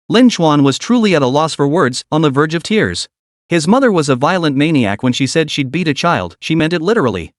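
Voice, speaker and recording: A man narrating a dramatic story in a steady, even reading voice. His voice sits fairly high for a man, and the recording is dry and close with no room sound. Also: fairly quick, no echo.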